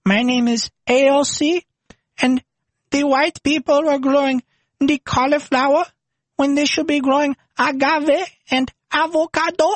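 A man putting on a high, sing-song voice to mock a female politician. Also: fairly even intonation, a little slow, no room sound. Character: mocking caricature of a female politician.

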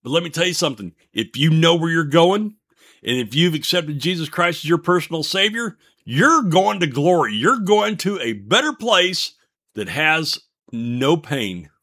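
A man's voice: fairly high pitch, very animated, moderate pace, pushed and bright. A man in his fifties, the show's host, sharing a faith testimony between songs in an earnest, folksy, preacher-like way. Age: 50s.

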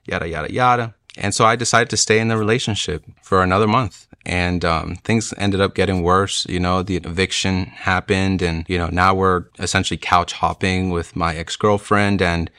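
Young man, very low voice, bright forceful tone, earnest testimony, dry close sound. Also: fairly even intonation, smooth, no room sound. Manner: earnest storytelling, speeding up and slowing down. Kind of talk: personal testimony.

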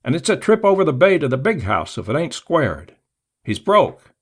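A man's voice: a little high, big pitch swings, moderate pace, voice pushed up. A man voicing a haggard, fawning opium-den keeper who talks hesitantly and wheedles. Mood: wheedling.

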